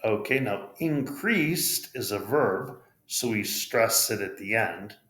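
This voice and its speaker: Slow, patient American man teaching pronunciation. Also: on the low side, animated, fairly bright tone. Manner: slow, patient, spells out letters and models words. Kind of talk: pronunciation lesson. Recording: roomy echo.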